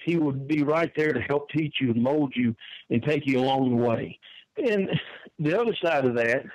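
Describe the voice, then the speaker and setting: A man's voice: mid-range voice, animated, moderate pace, darkish tone, no echo, muffled recording. An older man, telling wrestling stories in a folksy way and often repeating his words. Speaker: wrestling manager guest. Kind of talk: storytelling interview answer.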